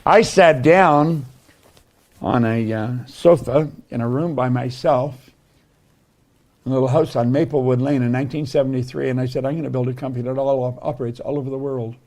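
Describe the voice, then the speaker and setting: A man's voice: medium pitch, steady tone, moderate pace, darkish tone. A man giving a motivational talk, telling stories in an earnest way. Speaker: motivational speaker.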